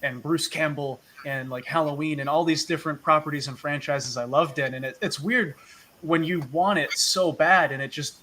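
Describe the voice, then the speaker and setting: A man in his twenties hosts a live-stream interview with a bright, sharp voice set a little high. He talks eagerly and quickly, and faint noise sits under the recording. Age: 20s. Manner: eager, quick, brief backchannels. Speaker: podcast host.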